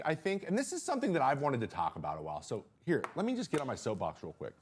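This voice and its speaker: A man hosting a casual live-stream chat from a small studio, animated, jumping high in pitch when he reacts, with lots of fillers and restarts. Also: rapid-fire, hardly any pauses, slightly rough. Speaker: host.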